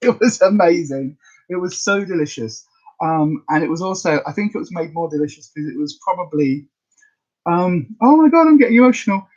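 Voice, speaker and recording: A woman's voice: low-pitched, normal speed, darkish tone, muffled recording. A woman hosting a casual weight-loss livestream, chatting in a rambling way with lots of ums and restarts.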